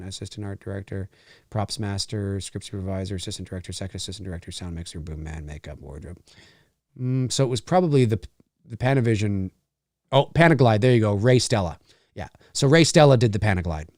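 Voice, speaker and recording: A man hosting a podcast, giving animated live commentary on a movie like a showman. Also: lowish voice, fairly quick, dry recording, clean studio sound. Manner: animated, showman-like, keeps saying "ladies and gentlemen". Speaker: podcast host.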